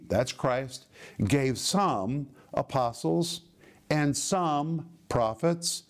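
A man preaching a teaching sermon, reading scripture slowly and stressing words with emphasis. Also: mid-range voice, a little mellow. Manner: slow emphatic Bible reading, stretched words.

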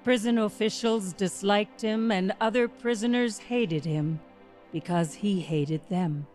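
A woman narrating a true dramatization in a measured, grave storytelling voice. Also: medium pitch, darkish tone, faint music behind. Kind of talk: scripted narration.

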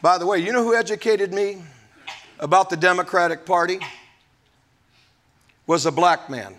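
Emphatic high-voiced male pastor preaching. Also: moderate pace, fairly bright tone, a little hiss or hum. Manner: emphatic preaching with folksy asides. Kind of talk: sermon.

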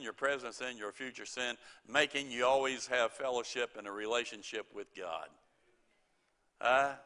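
A man's voice: medium pitch, bright, forceful tone. A middle-aged man preaching a sermon, quoting scripture and telling folksy stories with chuckles.

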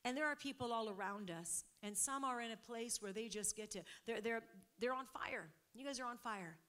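A middle-aged woman preaching, telling a testimony in an animated way and acting out what people said. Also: fairly high pitch, moderate pace, smooth. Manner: animated storytelling, acting out quotes, laughing. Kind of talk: sermon testimony.

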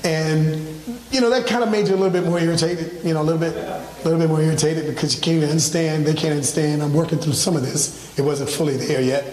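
A high-pitched male pastor preaching with animated storytelling, acting out his own conversations. His voice comes from some distance off the mic and rings through a large, echoing church hall with a long reverb tail. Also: fast. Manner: animated storytelling, acts out his own phone calls, laughs along. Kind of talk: sermon with personal story. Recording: echoey church hall from far off.

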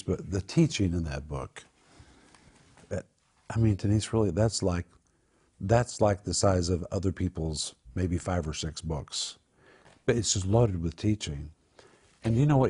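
His voice sits low, warm and husky. As a Bible teacher hosting a Christian program, he works through the Psalms in an earnest, emphatic, conversational way that climbs toward raised exhortation.

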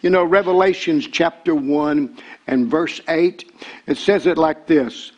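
An older man, preaching a sermon as pastor. He repeats words and builds to shouted excitement. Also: on the high side, a little slow.

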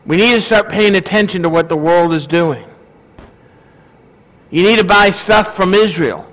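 A man's voice: high-pitched, moderate pace, fairly bright tone, poor audio. A male pastor giving a casual, conversational sermon and often asking his congregation questions.

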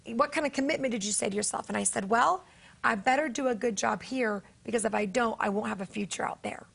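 A woman author and preacher speaks on a faith talk show, her voice high with a gravelly rasp. She tells her stories earnestly and acts out each quoted exchange. Her talk has a warm, conversational pull. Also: fast. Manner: earnest storytelling, acting out dialogue.

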